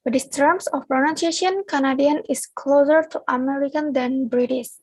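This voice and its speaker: High-voiced Indonesian woman student presenting. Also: fairly even intonation, normal speed, a little mellow, no echo, rough recording. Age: young adult. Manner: reads a prepared script aloud. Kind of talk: class presentation.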